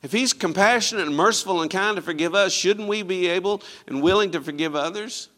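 A man's voice: high voice, brisk, a bit bright. A man preaching a sermon emphatically, calling out to his congregation for responses. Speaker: pastor.

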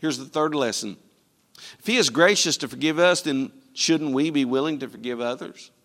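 A man's voice: fairly high pitch, normal speed, fairly bright tone. A man preaching a sermon emphatically, calling out to his congregation for responses. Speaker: pastor.

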